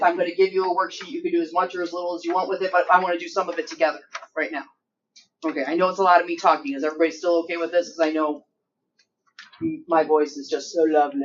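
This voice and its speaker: A woman teaching math to a class, chatty and joking, checking in with the students often. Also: lowish voice. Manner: chatty, checks in with frequent "right?" and "okay?"; joking, self-mocking asides. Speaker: high school math teacher. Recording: distant dull classroom recording, faint noise.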